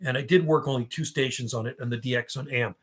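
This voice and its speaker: A man's voice: mid-range voice, fast, slightly rough. A man, hosting a casual livestream and reminiscing as he answers chat. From Canada. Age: 50s. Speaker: livestream host and radio hobbyist.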